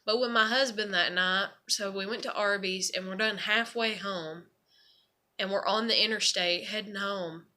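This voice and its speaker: Woman vlogger venting to camera, rambling and emotional, with plenty of swearing and a very bright tone. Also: mid-range voice, steady tone, moderate pace. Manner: rambling, profane, emotional storytelling. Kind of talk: casual venting monologue.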